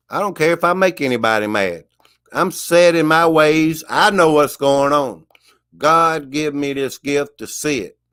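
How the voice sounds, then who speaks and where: A man's voice: fairly high pitch, fairly bright tone. Emphatic, preachy man ranting. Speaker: vlogger. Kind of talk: casual monologue rant.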